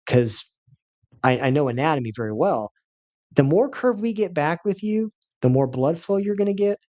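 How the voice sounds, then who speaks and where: A man's voice: mid-range voice, a little mellow, no echo, muffled recording. A man giving a health seminar as a chiropractor, telling a patient's story with emphatic, repetitive phrasing.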